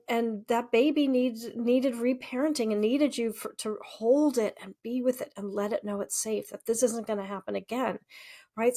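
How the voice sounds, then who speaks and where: A middle-aged woman, a somatic healing practitioner, gently explaining things in a podcast chat and often checking in with "right?". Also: fairly high pitch.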